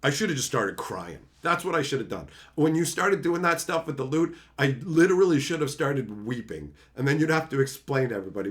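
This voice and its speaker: A man's voice: mid-range voice, sing-song, a little fast, hardly any pauses. A young adult man livestreaming, ranting in a profane, theatrical way. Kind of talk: livestream rant.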